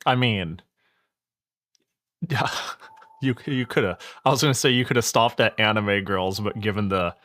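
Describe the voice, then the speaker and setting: A man's voice: lowish voice, unhurried, long pauses, fairly bright tone. A man streaming a game, chatting casually, joking, swearing often and correcting himself mid-sentence.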